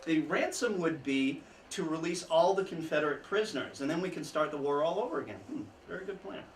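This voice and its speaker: A man giving an informal history talk to an audience, telling the story with chuckling asides and lively emphasis. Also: on the high side, a little fast. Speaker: history speaker. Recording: echoey room, mic at a distance, faint background noise.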